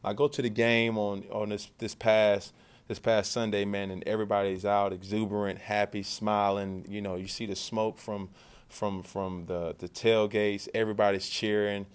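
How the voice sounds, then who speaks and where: A man's voice: fairly low pitch, little pitch movement, normal speed, smooth. A man, a football quarterback, answering questions at a press conference in a loose conversational way, often repeating and restarting words. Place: media session after practice.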